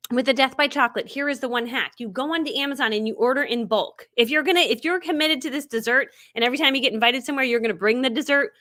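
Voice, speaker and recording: A woman's voice: high-pitched, fast, hardly any pauses, bright, forceful tone. A middle-aged woman hosting a live stream, telling stories in a chatty way, laughing often and acting out what people said. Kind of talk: casual chatty storytelling.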